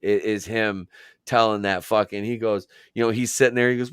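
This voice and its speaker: A man's voice: lowish voice, fairly even intonation, brisk, clear, resonant tone, dry recording, clean studio sound. A man co-hosting a podcast in casual chat. He rambles, swears constantly and acts out what people said. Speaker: podcast co-host.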